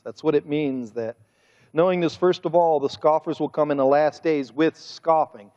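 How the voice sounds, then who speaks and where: A man preaching a sermon as pastor, speaking with drawn-out emphasis and a mocking, sarcastic edge. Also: a little high, darkish tone, clear, resonant tone. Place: church sanctuary. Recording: muffled sermon audio with long church reverb.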